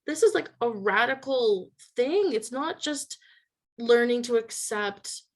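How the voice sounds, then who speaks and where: A woman's voice: expressive, slow pace. A woman hosting a casual interview, chatting with many fillers. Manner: chatty, many "like" fillers, quotes people in a higher voice. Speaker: podcast host.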